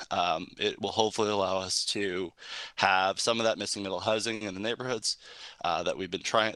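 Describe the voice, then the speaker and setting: Bright, crisp man on a call. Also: on the low side, dry recording, rough recording. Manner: earnest, filler-heavy with frequent ums. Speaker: public deputant at city committee. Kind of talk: prepared public comment. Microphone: remote video call.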